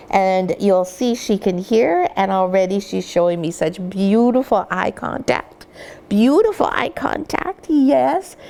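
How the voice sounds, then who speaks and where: A woman dog breeder giving an instructional demonstration, gently cooing at the puppies now and then. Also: mid-range voice.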